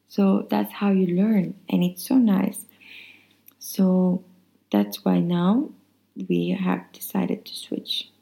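A woman's voice: fairly low pitch, vocal fry, dark tone, poor audio. A Swedish-accented woman hosting a podcast, telling rambling anecdotes in a casual, chatty way with frequent restarts. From Sweden. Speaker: podcast host. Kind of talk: casual monologue.

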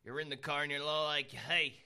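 A man's voice: a little high, fairly even intonation, moderate pace, bright, forceful tone, clear, resonant tone. A man co-hosting a podcast in casual chat, rambling and self-deprecating, with a slight lisp. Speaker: podcast co-host.

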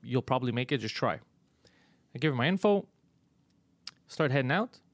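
Here a comedy podcast host tells an aggravating story, cursing in exasperation and laughing a lot along the way. He has a mid-range voice with lively intonation, speaks at normal speed, and there's no echo. The style is casual conversation and storytelling.

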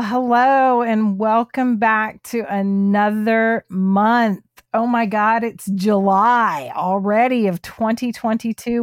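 Slow, effusive woman podcast host. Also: mid-range voice, dry recording, studio quality. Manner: effusive, enthusiastic. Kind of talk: casual podcast chat.

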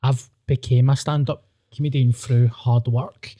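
Blunt Glaswegian man, mellow voice. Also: mid-range voice, steady tone, unhurried. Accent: Glaswegian Scottish. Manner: blunt, swearing, self-mocking storyteller. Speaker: podcast host and stand-up comedian. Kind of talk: casual podcast chat.

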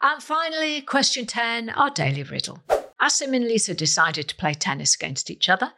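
A woman's voice: fairly high pitch, fairly quick. A woman hosting a quiz podcast, playful and emphatic in a scripted read. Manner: playful, emphatic, lively delivery. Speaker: quiz host.

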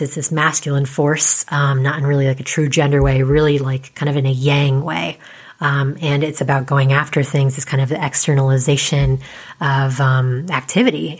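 A woman astrologer in casual explanatory talk, chatty with lots of fillers and tag questions, speaking quietly as she starts to lose her voice. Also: low-pitched. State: losing her voice.

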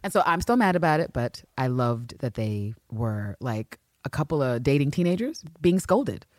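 A woman's voice: very deep voice, normal speed, background noise. A woman co-hosting a podcast, chatting casually as she recaps a TV episode and breaks into exaggerated character voices. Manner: animated, acts out characters' lines in exaggerated voices. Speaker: podcast co-host.

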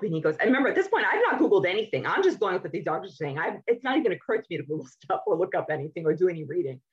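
A woman's voice: lowish voice, husky, dull audio. A woman guest in a podcast interview, telling her personal story candidly and animatedly, restarting her sentences often.

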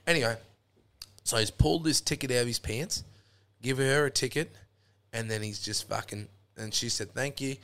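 A man's voice: mid-range voice, normal speed, a bit bright. An Australian man telling a rambling, sweary story in a casual chat, throwing in lots of "mate". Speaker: podcast guest.

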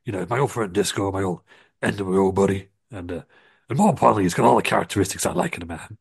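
A man's voice: low-pitched, expressive, fast talker, creaky, husky, heavily acted. A man doing a blustering veteran wrestler. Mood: cheerful. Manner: loose impression, rambling.

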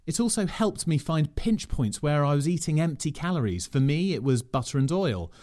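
Wry podcast host narrating, a touch higher voice than most men. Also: male voice, lively intonation, normal speed, darkish tone. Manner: dry, self-mocking. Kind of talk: scripted narration.

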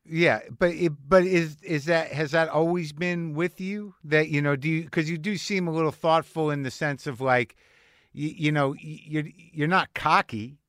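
A man's voice: on the high side, fairly even intonation, moderate pace, fairly bright tone, no room sound, clean studio sound. A man hosting a casual interview, asking rambling questions full of restarts. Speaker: podcast host.

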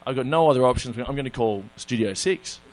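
A man's voice: medium pitch, a little fast. A man with an Australian accent, telling a long funny story in casual chat, often laughing at his own tale. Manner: laid-back, laughing, self-mocking anecdotes. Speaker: comedian guest telling a story.

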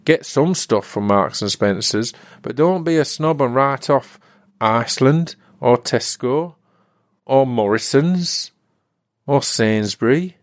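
Guy rambling on his podcast, jokey, dry close sound, regular pitch. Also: lively intonation, slow, no room sound. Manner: rambling, comic, slips into put-on regional accents. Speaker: podcast host. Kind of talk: solo podcast monologue.

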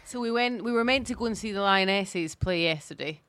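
A Scottish woman co-hosting a podcast, telling stories in relaxed casual chat. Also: medium pitch, fairly quick, loud music behind the voice. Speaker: podcast co-host.

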